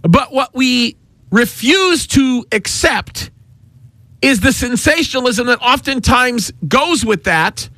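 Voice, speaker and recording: High, bright-voiced preaching man. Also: animated, takes it slowly, no room sound. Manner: emphatic, preacherly. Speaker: pastor and co-host. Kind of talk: radio ministry talk.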